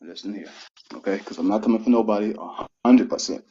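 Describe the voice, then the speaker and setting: A man's voice: fairly low pitch, quick pace, warm tone. A man of thirty speaking earnestly and with feeling, his voice rising as he pleads his case. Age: 30s. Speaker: guest speaker on a live stream. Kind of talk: emotional live-stream monologue. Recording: muffled live-stream audio.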